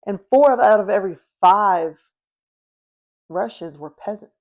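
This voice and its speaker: A woman's voice: mid-range voice, a little slow, lo-fi sound. A woman hosting a history podcast, telling the story in a chatty, casual way, full of fillers and checking in with her listeners. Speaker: podcast host.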